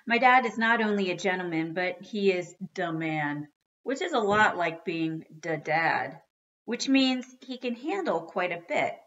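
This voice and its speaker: A woman reading a children's book aloud with expressive storytelling. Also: lowish voice, a little slow, lo-fi sound. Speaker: reader.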